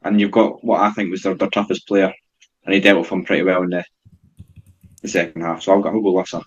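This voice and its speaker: A man's voice: low voice, level tone, fast talker, husky, lo-fi sound. A young man, a guest on a football podcast, giving his opinions in a casual, hesitant way. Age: young adult. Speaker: guest co-host.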